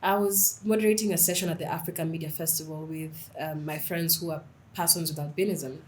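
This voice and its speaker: A young woman talks in a lively, animated way, her voice sitting a little low for a woman. She chats casually as a guest and tells stories with relish. Faint noise hums behind her. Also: brisk, low-quality recording. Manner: lively, animated storytelling, mixes in Swahili phrases. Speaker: podcast guest, writer. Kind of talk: casual interview chat.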